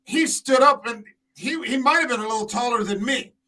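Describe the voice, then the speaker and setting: A man with a high, bright, forceful voice tells a rambling story on a casual podcast. He swears freely and piles on fillers, clearly enjoying his own anecdote. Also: fairly quick, low-quality recording. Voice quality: tall man, six foot five. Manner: profane, animated anecdote-telling with many fillers. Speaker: podcast co-host.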